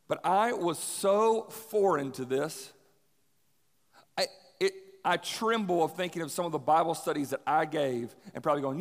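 A young adult man preaching a sermon in a casual, energetic way, repeating key lines for emphasis. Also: fairly high pitch, normal speed. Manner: energetic, conversational, emphatic repetition. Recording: long hall reverb.

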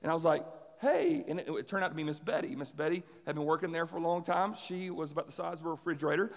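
Male pastor, higher-pitched voice, lively storytelling sermon, long church reverb. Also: very fast. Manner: animated storyteller, acts out voices. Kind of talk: sermon with personal stories.

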